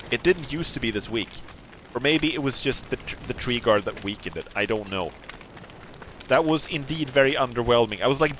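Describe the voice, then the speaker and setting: A man streaming a video game, commenting casually, excitable, swearing and laughing often. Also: medium pitch, a little hiss or hum. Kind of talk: let's play commentary.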